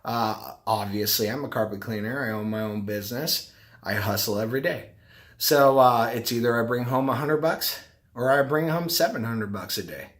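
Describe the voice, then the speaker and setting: A man's voice: mid-range voice, moderate pace, fairly bright tone. A middle-aged man talking casually to the camera, rambling and repeating himself. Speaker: vlogger, carpet cleaner and business owner.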